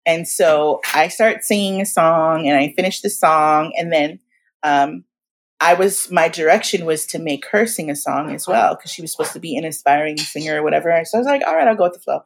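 A woman in her forties, guest in a casual interview, telling stories in an animated, slangy way and acting out what people said. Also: low voice, fairly quick, vocal fry. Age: 40s. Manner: animated, slangy, acts out quotes.

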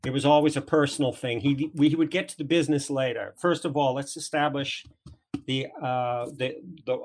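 A man's voice: medium pitch, fairly even intonation, moderate pace. Rambling English man with a southern accent. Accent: South of England. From England. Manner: rambling, many restarts and fillers. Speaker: interview guest, former trade magazine editor. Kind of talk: conversational podcast interview.

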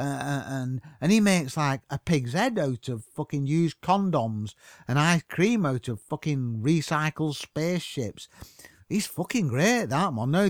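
A man's voice: a little high, no echo, studio quality. A man, delivering a mocking comic rant full of swearing. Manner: swearing constantly, mocking, rambling.

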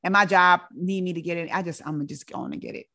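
A woman doing a soft, hesitant young niece. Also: on the low side, fast talker, creaky, heavily acted.

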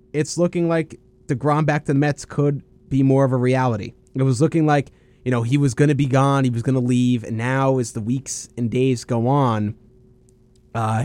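A man's voice: mid-range voice, a little mellow, no room sound. Young man hosting college sports radio. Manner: laid-back, rambling with fillers and self-corrections. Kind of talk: casual sports talk.

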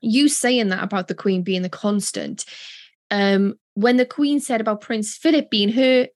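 A woman's voice: medium pitch, a little slow, dry recording, clean studio sound. Emotional woman co-hosting a podcast. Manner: emotional, heartfelt, rambling. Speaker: podcast co-host. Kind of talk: casual chat.

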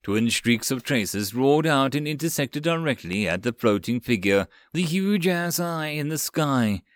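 A man narrating a web novel as an audiobook, with a steady, even reading. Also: fairly low pitch, no echo, studio quality.

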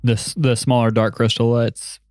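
A man's voice: mid-range voice, flat delivery, moderate pace, a little mellow, no echo. A man with a mid-range voice chats as a player at a tabletop game. He is easygoing and agreeable, and the recording is dry and close. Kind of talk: casual tabletop chat.

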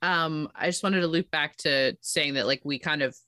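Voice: medium pitch, normal speed, pushed and bright, dry recording, clean studio sound. A player on a tabletop podcast, chatting casually and emphatically.

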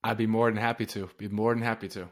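A man's voice: lowish voice, flat delivery, fast talker. A man in his twenties, a podcast guest chatting casually and agreeably. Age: 20s.

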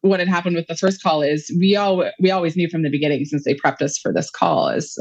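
Low-voiced woman telling a story, full of fillers. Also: a little fast, hardly any pauses, a little mellow, no echo, lo-fi sound. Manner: rambling, emotional storytelling with many fillers. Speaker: guest, mother of a child patient. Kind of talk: conversational interview.

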